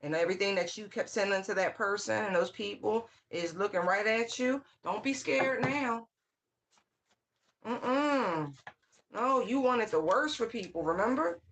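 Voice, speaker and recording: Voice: medium pitch, moderate pace, a bit bright. Sassy, scolding tarot reader. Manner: sassy, scolding call-outs with repeated phrases; slang-heavy, swears freely. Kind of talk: casual channeled tarot reading.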